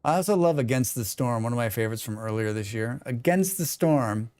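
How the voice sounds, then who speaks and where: A man chatting casually on a gaming livestream, excitable and swearing freely while he talks to his viewers. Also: mid-range voice, fairly quick, dry recording.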